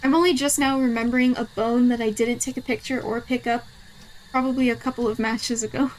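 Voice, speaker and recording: High-voiced woman streaming a game. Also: level tone, a little fast, rough recording. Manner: talks to herself, repeats questions aloud to the ghost; easily startled, swearing and gasping. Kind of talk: live game commentary.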